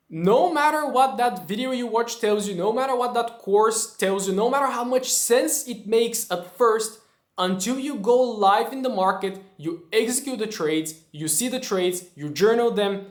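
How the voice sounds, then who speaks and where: Man giving an emphatic motivational trading lesson, fairly high pitch, echoey room. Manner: emphatic, keeps asking "right?". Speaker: trading educator. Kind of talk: motivational talk to camera. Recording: roomy echo.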